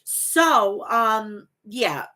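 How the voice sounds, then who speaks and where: She speaks extremely slowly in a high, very animated voice that sounds pushed and bright. In her forties, she hosts a casual wrestling show and reads her live chat aloud, profane and gushing as she rambles.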